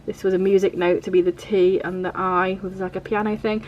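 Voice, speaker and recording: A woman's voice: medium pitch, level tone, a little fast, highs cut off, a little hiss or hum. A woman vlogger chatting casually through her journal pages, rambling and peppering her talk with fillers. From England.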